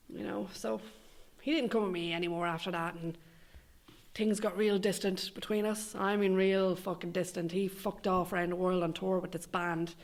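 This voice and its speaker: A woman's voice: medium pitch, moderate pace. A young Irish woman delivering a scripted comic monologue, sweary, sardonic and rambling. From Ireland. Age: young adult. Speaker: comedic monologue performer.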